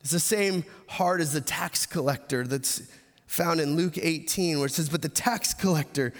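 A man with a high voice preaches a sermon in a church hall, his words ringing out with a long reverb. He stumbles and repeats words as he goes, pushes toward urgent emphasis, then sinks to a soft, quiet close. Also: normal speed. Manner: repeats words and restarts, grows louder and more urgent, then drops soft. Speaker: pastor.

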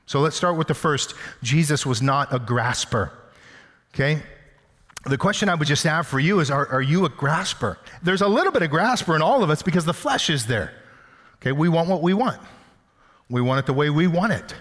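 A man's voice: fairly high pitch, expressive, normal speed, fairly bright tone. A man preaching in a reverberant hall. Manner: conversational, teasing with everyday examples; repeats words and restarts. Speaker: pastor. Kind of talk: sermon. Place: church sanctuary.

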